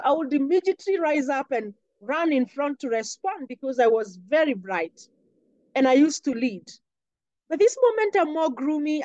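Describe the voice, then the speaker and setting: High-voiced woman telling her story. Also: a little mellow, no room sound, muffled recording. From Kenya. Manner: earnest, heartfelt recounting of a painful memory. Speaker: interview guest. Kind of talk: personal storytelling.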